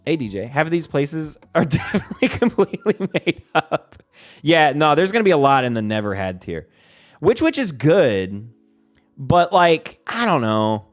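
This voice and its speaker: A man's voice: fairly high pitch, very animated, moderate pace, faint music behind. A man streaming casually, rambling and swearing, with a lot of "like" and restarts. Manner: rambling and profane, heavy use of "like". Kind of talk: casual livestream chat.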